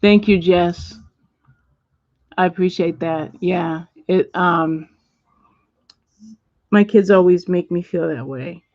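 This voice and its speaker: A woman's voice: on the low side, takes it slowly, long pauses, no echo. Middle-aged lady chatting on a home livestream, reading out comments, kinda dull lo-fi mic, dry room. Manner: chatty, warm, reads out viewer comments. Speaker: livestream host. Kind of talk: casual chat with viewers.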